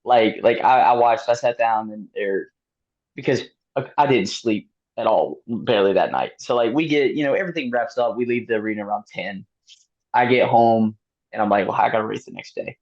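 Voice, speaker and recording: A man being interviewed, telling a race story in a casual, animated way, laughing often and using lots of fillers. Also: on the low side, a little fast. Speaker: guest athlete. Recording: dull lo-fi sound.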